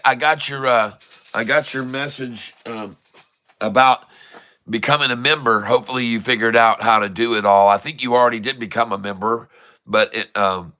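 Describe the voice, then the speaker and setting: A man hosting a casual livestream, chatting warmly and reading out where viewers are from. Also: mid-range voice, smooth. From Michigan. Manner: chatty, reads out viewers' locations. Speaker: livestream host.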